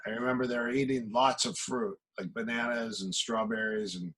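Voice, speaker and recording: Animated man telling martial arts stories. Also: medium pitch, normal speed, slightly rough, low-quality recording. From American Midwest. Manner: animated anecdotes, acting out quoted exchanges. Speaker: guest, martial arts coach. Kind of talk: casual storytelling.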